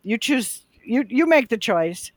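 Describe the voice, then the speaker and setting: A woman's voice: a little high, big pitch swings, a little slow, no echo. A woman, a drummer and guest on the show, chatting casually and telling stories with quoted back-and-forth. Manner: chatty, storytelling with quoted exchanges. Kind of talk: casual chat.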